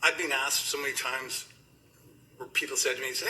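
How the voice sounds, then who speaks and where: A man's voice: mid-range voice, fairly even intonation, fairly quick, bright, forceful tone, slight background noise, poor audio. A middle-aged man giving a rambling, emotional funeral eulogy, laughing through his stories about a friend. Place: funeral gathering indoors.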